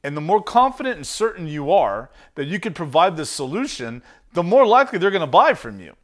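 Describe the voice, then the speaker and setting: A man's voice: a little high, big pitch swings, brisk. A man teaching sales in an emphatic, punchy monologue. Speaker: sales coach.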